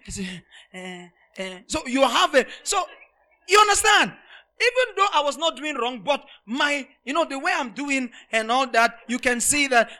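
A male pastor preaching a sermon to a congregation, repeating phrases and swinging between loud, emphatic shouts and hushed, quiet asides. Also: extremely high pitch.

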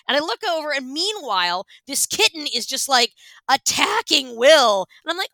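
This woman sits high in pitch and talks at a moderate pace, with no echo on the recording. She co-hosts a podcast and, in an animated, casual chat, tells a story loaded with fillers, performing the quoted voices herself. She is from Washington state, US.

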